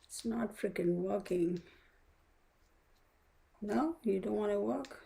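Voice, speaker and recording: A woman's voice: medium pitch, takes it slowly, creaky, mellow, poor audio. A woman hosting a casual live stream from home on a phone, chatty and muttering to herself as she sets things up. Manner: chatty, mutters to herself while fiddling with setup. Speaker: livestream host.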